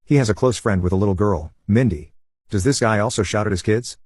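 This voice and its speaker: A man narrating online stories in an even, unhurried reading voice. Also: lowish voice, dry recording, clean studio sound.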